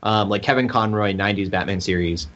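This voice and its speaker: A man's voice: lowish voice, fairly quick, fairly bright tone, highs cut off. A man chatting casually on a podcast and telling a story in a rambling way, full of "like" and "um". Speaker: podcast co-host. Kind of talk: casual chat.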